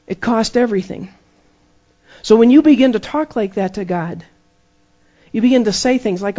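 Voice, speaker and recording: A man's voice: high voice, measured pace, pauses often, mellow. Emphatic male preacher, lo-fi sound. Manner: emphatic, repeats phrases for effect. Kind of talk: sermon. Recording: dull lo-fi sermon recording.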